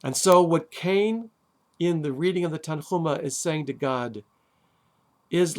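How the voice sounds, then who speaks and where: A rabbi delivers a short sermon, his voice sitting a little high for a man. He takes his time, leaning on key words and letting pauses hang, with touches of dry wit. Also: a little mellow. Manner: deliberate, with long dramatic pauses and emphatic stresses. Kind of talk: sermon on the weekly Torah portion.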